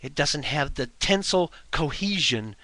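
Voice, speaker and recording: A man's voice: on the high side, lively intonation, measured pace, pushed and bright, no echo. A man giving a heated, scornful monologue to his webcam at home, full of rhetorical questions. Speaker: video blogger. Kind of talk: ranting monologue to camera. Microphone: webcam mic.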